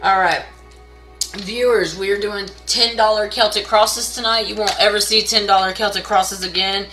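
A woman's voice: fairly even intonation, normal speed, sharp tone, faint music behind, rough recording. A woman doing a casual live tarot reading, blunt and profane, scolding viewers and pushing sales. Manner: pushy sales pitch.

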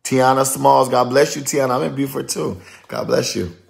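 A man, a prophetic minister chatting on a live stream, lively and chatty as he calls out viewers' names and places. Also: mid-range voice, normal speed, creaky. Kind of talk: casual live-stream chat greeting viewers.

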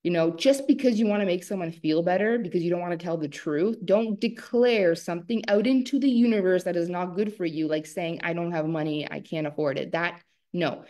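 A woman coach leads a live online masterclass with lively, emphatic delivery and frequent laughter. Her voice sits a little low for a woman, and she speaks straight to her audience. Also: a little fast, hardly any pauses. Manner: animated, emphatic, laughs often.

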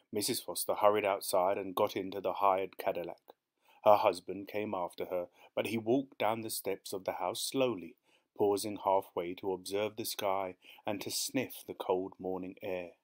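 A man reading a short story aloud as the narrator, in a measured, steady way. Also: sits low.

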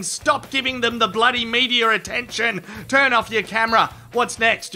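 A man's voice: high-pitched, gravelly, pushed and bright. A man narrating animal clips with crude, sarcastic comic commentary. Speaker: comedy narrator.

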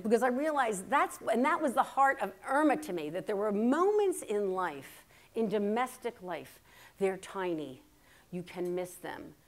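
A woman in her fifties giving a keynote speech, telling family stories in a lively, chatty, self-deprecating way that turns earnest and reflective at times. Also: mid-range voice. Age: 50s. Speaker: keynote speaker. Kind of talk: humorous storytelling speech. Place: stage at a writers' workshop, before a live audience.

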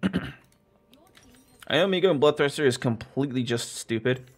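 Young man, gameplay commentary, casual, joking, self-mocking, medium pitch. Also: lively intonation, moderate pace, husky. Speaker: gaming streamer.

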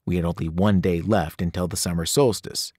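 A man, a teacher, reading a novel aloud with expressive storytelling. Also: a little fast, slightly rough, dry recording, clean studio sound. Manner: expressive storytelling, varied pitch. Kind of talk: audiobook read-aloud.

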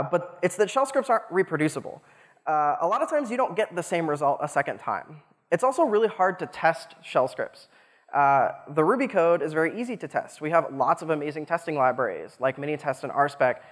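Young male conference speaker, slightly high voice, casual and jokey, lots of fillers, hall reverb. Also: a bit bright. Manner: casual, joking, many "uh" fillers. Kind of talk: technical conference talk.

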